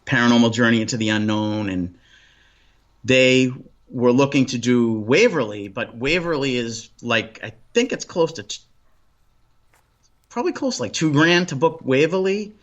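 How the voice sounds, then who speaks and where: A man from Boston with a Boston accent, chatting as a guest in a relaxed interview, rambling with lots of restarts and ums. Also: medium pitch, normal speed, highs cut off. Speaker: paranormal investigator guest. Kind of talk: casual interview chat.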